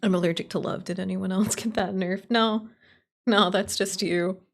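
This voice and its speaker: A woman's voice: mid-range voice, fairly even intonation, normal speed. Blunt, foul-mouthed woman streamer. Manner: blunt, opinionated and heavily profane; playful, answering chat as she talks. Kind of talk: casual live-stream chat.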